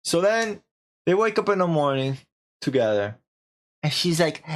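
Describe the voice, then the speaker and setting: Brief: young male streamer, lively up-and-down pitch, rambling slangy recap. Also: measured pace, long pauses. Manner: rambling, animated, lots of filler and slang. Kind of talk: casual story recap.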